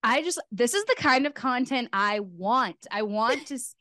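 A woman hosting a podcast in casual chat, voice hoarse and scratchy, rambling and bubbly. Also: a little high, animated, normal speed, sharp tone, no echo, clean studio sound. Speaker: podcast host.

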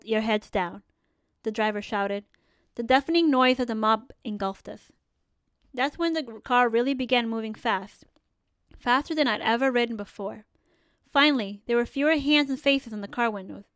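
A woman reads a first-person memoir aloud with earnest, measured storytelling. Her voice is smooth and a touch higher than most, captured close on a studio mic with a dry, dead sound. The pacing stays even and deliberate throughout. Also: no echo. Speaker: audiobook narrator.

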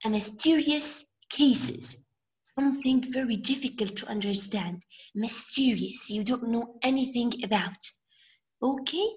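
A woman's voice: a little high, a little slow, rough recording. A young woman with a Levantine Arabic accent, patiently explaining English words with examples, and giving an Arabic gloss now and then. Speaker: English teacher. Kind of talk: vocabulary lesson.

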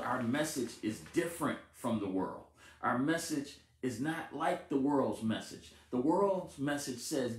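A man's voice: mid-range voice, darkish tone. A man delivers a sermon in a mid-range voice, hammering home repeated phrases and tripping over a word here and there. The room around him rings with a noticeable echo. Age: adult, married with family. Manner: repetitive, emphatic call-and-response preaching with stumbles. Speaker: preacher.

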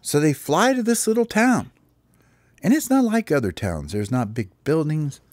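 A man's voice: fairly high pitch, big pitch swings, normal speed, darkish tone, no echo. A father making up a children's story as he goes, rambling and restarting with "well, anyway".

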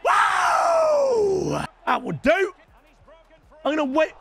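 Excitable young British male streamer, high and sharp, swears, shouts. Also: normal speed, faint music behind, some chatter behind. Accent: British English. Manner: excitable, swears, shouts at the game, addresses viewers as lads. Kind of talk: live gaming commentary.

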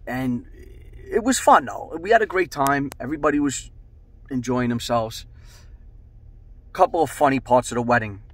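悪態まじりに語る中年男性. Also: male voice, medium pitch, normal speed, long pauses. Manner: profane, rambling, animated. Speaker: host. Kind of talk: casual storytelling.

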